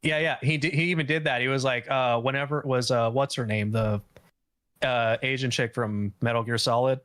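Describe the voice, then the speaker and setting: A man's voice: medium pitch, steady tone, a little fast, a bit bright, no echo. Blunt rambling man gossiping. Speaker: stream guest. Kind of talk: casual gossip chat.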